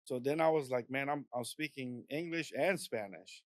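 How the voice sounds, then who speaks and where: A man's voice: mid-range voice, normal speed, no echo. A man in his forties who grew up in Iran, now a police officer, talks as a podcast guest. He is easygoing and chatty, sprinkling in "like" and "right?" and chuckling at his own stories. His voice sits mid-range, and the room sound is dry and close. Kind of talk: casual podcast conversation.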